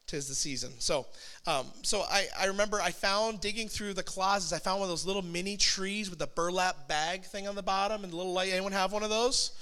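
A man in his thirties, a pastor telling a personal story in a sermon, animated and self-deprecating. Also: high-pitched, fairly quick, clean tone.

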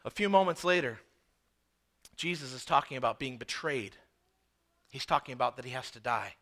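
A man preaching a sermon, telling a story with animated emphasis and many rhetorical questions. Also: mid-range voice, moderate pace.

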